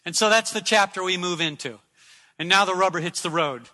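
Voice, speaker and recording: High, bright-voiced man preaching a sermon. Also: a little fast, in a large hall. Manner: emphatic preaching with repeated phrases.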